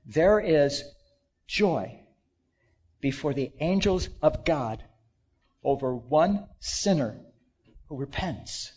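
Man preaching, high-pitched, calls out to the congregation and drops to quiet asides; muffled low-fidelity sound. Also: sing-song, measured pace, slightly rough. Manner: call-and-response, swings from loud exclamations to hushed asides. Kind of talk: sermon.

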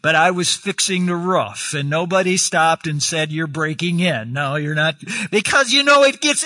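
A man preaching a sermon on scripture, animated and expressive, calling out like a shepherd at times. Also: dry recording. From grew up on a farm. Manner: animated, swings pitch, acts out shepherd calls.

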